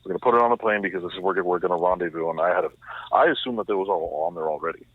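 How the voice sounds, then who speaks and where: Male podcast co-host, low-ish voice, fast and halting, tinny phone-like sound. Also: breathy edge, no room sound. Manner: insistent, halting, restarts a lot. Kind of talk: casual chat.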